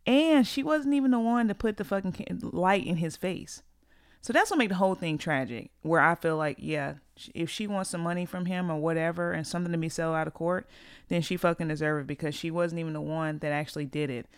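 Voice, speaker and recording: A woman's voice: sits low, brisk, clear, resonant tone, no echo, studio quality. A woman hosting a podcast, giving a blunt, profane and heated opinion monologue in a casual way. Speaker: podcast host.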